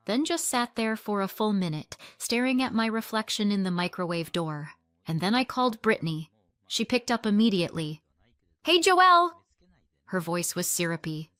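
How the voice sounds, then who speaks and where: A woman narrating a first-person family drama in a quiet, measured and tense way. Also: medium pitch, no echo. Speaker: storyteller.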